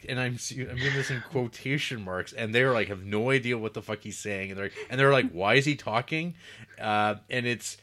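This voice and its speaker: Bright-voiced man ranting in casual chat. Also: medium pitch, a little fast, hardly any pauses. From western Canada. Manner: rambling, profane, laughs often.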